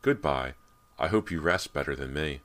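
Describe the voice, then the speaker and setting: A man's voice: a bass voice, lively intonation, moderate pace, a bit bright. A male narrator voicing a bitter, vengeful ghost girl who broods darkly. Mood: mournful.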